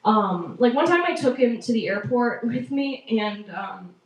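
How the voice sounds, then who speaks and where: Stand-up woman, raised in small-town Massachusetts, fairly high voice, chatty and self-mocking, laughs at her own punchlines, caught from across a roomy club. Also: lively intonation, a little slow, distant mic. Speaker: stand-up comedian. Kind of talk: stand-up comedy set. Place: live comedy open mic venue. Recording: roomy live venue, voice from afar.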